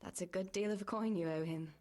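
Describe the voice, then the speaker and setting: An actress voicing a young village woman in a video game, caring and practical, with a gentle, often hushed way of speaking. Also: lowish voice, brisk, close to an everyday voice. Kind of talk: game voice acting.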